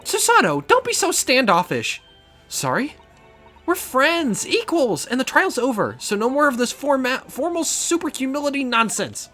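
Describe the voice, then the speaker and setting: A man doing an excitable bubbly young woman. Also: very high-pitched, normal speed, soft background music, voice pushed up, full character voice. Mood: playful. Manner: gushing, breathless excitement.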